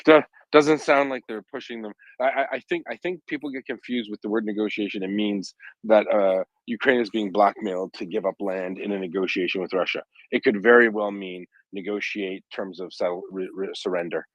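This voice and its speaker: A man with a fairly low voice argues his case in a casual online talk, acting out the voices he quotes. The sound is dry and a little dull, like lo-fi internet audio. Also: steady tone, a little fast, hardly any pauses, no room sound. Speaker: guest commentator.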